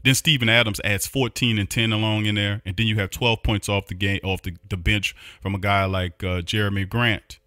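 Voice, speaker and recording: A man's voice: lowish voice, fairly even intonation, moderate pace, hardly any pauses, bright, forceful tone, dry recording, studio quality. A man hosting a sports podcast, ranting heatedly with a New Orleans accent and repeating himself in frustration. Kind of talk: opinionated sports recap.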